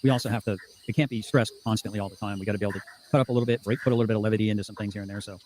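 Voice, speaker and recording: Fast-talking profane male livestream host. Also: lowish voice, fairly even intonation, a little mellow, a little hiss or hum. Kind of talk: casual livestream chat reading comments.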